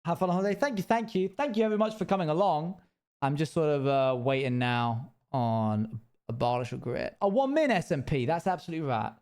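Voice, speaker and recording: A man's voice: a little high, expressive, a little fast, darkish tone, smooth. A young man streaming a game, chatting casually with viewers and putting on an exaggerated posh British accent. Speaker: live streamer. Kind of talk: casual gaming stream chat.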